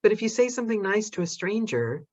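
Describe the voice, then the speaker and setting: A bubbly woman from Los Angeles chats with a guest in a casual, flirtatious way and laughs often. Her voice is mid-pitched and recorded dry and close. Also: very animated, fast talker, darkish tone, no echo. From Los Angeles, United States. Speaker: podcast host. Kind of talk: casual chat.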